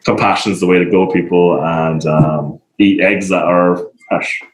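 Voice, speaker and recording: Podcast guest, man, very low voice, rambling and reflective, roomy echo. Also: fairly even intonation, unhurried. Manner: rambling, reflective, self-deprecating. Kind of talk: casual conversational interview.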